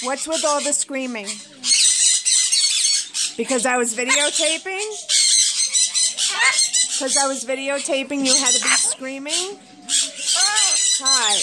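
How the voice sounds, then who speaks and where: High-voiced woman with squawking birds. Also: slow pace, pauses often, heavy background noise. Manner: chatty, coos and scolds her birds in baby talk. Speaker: pet bird owner and vlogger. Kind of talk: casual chat to camera and pets. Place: home with pet birds. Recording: loud bird screeches behind. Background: loud parrot squawks and screaming.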